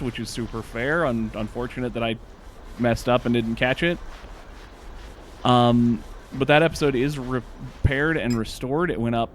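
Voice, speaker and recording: A man's voice: medium pitch, slight background noise. A man hosting a let's play, chatting casually with stammered restarts and reading the game's story text aloud.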